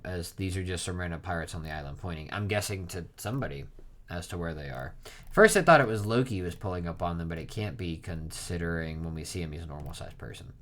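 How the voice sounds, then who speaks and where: Male host, lowish voice, casual read-along with asides. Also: quick pace, fairly bright tone. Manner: reads aloud, stops to comment and guess. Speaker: reaction video host. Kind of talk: casual reading and reaction.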